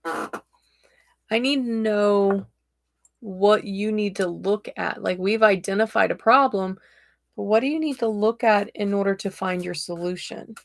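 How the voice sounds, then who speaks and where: A woman's voice: mid-range voice, unhurried, vocal fry. A woman host giving live-streamed tarot readings in a chatty, direct and encouraging way, with a tickle in her throat.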